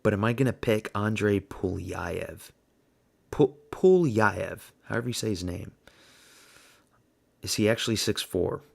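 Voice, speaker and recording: Gravelly man rambling casually. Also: on the low side, fairly even intonation, moderate pace, long pauses. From United States. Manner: blunt, rambling, thinking aloud. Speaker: host. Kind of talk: casual fight predictions commentary.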